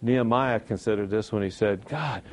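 Man, Bible class teacher, conversational sermon, gravelly voice, emphatic, rhetorical questions. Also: mid-range voice, expressive, moderate pace. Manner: emphatic, rhetorical questions, swings from loud to quiet.

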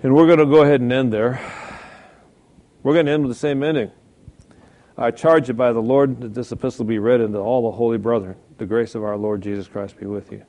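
A man's voice: medium pitch, steady tone, a little fast, mellow. A middle-aged male pastor preaching a sermon in a conversational way, often checking in with the congregation.

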